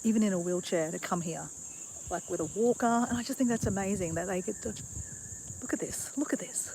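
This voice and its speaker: A woman's voice: medium pitch, a little fast, dark tone, slight background noise, poor audio. A woman talks in a bubbly, chatty way as she hosts a live stream on a walk. She speaks into a phone she holds herself, out of doors on a bushland boardwalk. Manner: bubbly, chatty, laughs often. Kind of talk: casual live-stream vlog.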